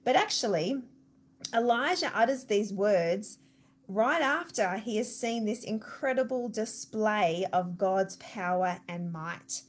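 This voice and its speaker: A woman's voice: mid-range voice, slow. Australian woman telling a Bible story. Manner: lively storyteller, conversational, addresses listeners directly. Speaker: church devotional speaker.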